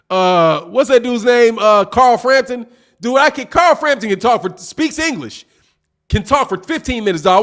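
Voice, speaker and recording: A man's voice: high-pitched, a bit bright. A man hosting a boxing livestream, chatting casually and reading out viewer comments in a loose, slangy way with frequent laughter. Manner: loose, slangy, laughs often, calls people dog.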